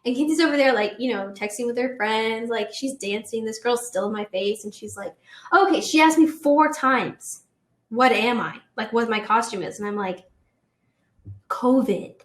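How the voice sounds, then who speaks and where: A woman in her twenties, a podcast guest, telling a long story in a chatty, animated way full of fillers. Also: a little high, normal speed, roomy sound. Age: 20s. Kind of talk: casual storytelling.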